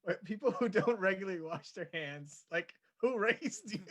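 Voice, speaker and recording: A man's voice: high voice, lively intonation, measured pace, fairly bright tone. A man co-hosting a live stream, joking in a laid-back way and chuckling as he talks. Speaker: streamer co-host. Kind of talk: casual chat on a live stream.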